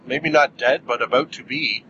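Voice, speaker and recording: A man's voice: medium pitch, normal speed, sharp tone, muffled recording, a little hiss or hum. Rambling male movie reviewer. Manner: rambling, jokey, many fillers. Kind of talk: casual film review monologue.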